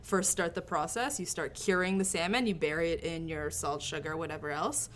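Lower-voiced woman restaurant owner. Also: steady tone, brisk, fairly bright tone, slight background noise. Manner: matter-of-fact, explanatory. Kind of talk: casual interview.

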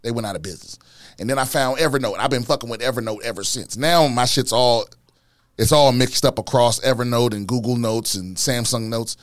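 Profane, animated comedian host. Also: male voice, mid-range voice, quick pace, dry recording, studio quality. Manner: profane, animated, repeats words when worked up. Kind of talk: casual podcast rant.

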